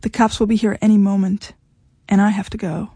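Female narrator voicing a cool, flat-spoken woman, mellow tone. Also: medium pitch, fairly quick, slightly rough, no echo, studio quality. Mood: firm. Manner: flat, firm. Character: adult woman, weary and firm, cool.

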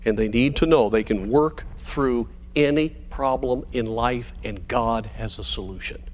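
A pastor delivering a sermon to parents in an earnest, measured way, slowing down on key phrases for emphasis. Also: male voice, mid-range voice.

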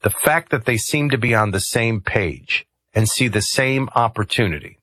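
A man's voice: medium pitch, expressive, moderate pace, pushed and bright, slightly rough, no echo. A man hosting a talk radio show, commenting conversationally with rambling asides and hesitations into a studio microphone.

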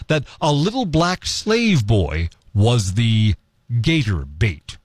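A man hosting a morning radio talk show, giving his opinion in an earnest, animated way and jumping high when he acts out crowd chants. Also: slow pace, no echo. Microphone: studio microphone.

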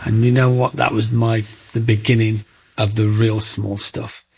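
A middle-aged man, chatting as an interview guest and telling his story in a lively way, acting out the voices of people he quotes. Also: fairly low pitch, moderate pace, slight background noise. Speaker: guest, micro-sculptor.

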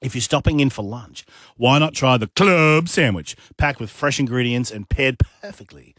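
A man's voice: mid-range voice, lively intonation, normal speed, a bit bright, dry recording, studio quality. A man co-hosting breakfast radio, reading a cafe ad with an upbeat, salesy delivery. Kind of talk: scripted live ad read.

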